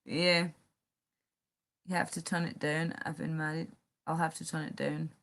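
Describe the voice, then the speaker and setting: A woman's voice: low-pitched, flat delivery, measured pace, gravelly, fairly bright tone. A young woman hosting a casual livestream, rambling as she reads viewer comments aloud and answers them. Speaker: livestream host.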